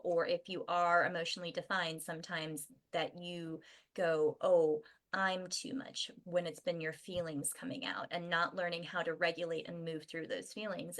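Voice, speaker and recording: Woman guest chatting casually, gentle and warm-hearted encouragement, laughs easily. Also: fairly low pitch. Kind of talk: casual chat.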